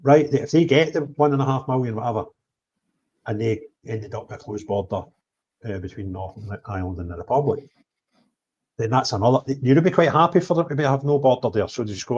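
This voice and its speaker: A man telling of his travels in an animated livestream chat, blunt, swinging between loud outbursts and low mutters. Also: fairly quick, a little hiss or hum. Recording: dull lo-fi stream audio.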